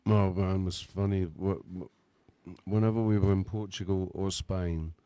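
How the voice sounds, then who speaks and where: An Englishman co-hosting a casual live-stream chat, telling relaxed, friendly stories. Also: deep voice, a little slow, clean tone, no echo. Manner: relaxed storytelling, friendly, says man.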